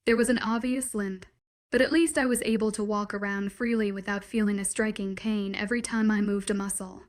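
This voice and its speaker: A woman narrating a first-person romance audiobook in a soft, intimate, dreamy storytelling manner. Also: mid-range voice, steady tone, a little fast.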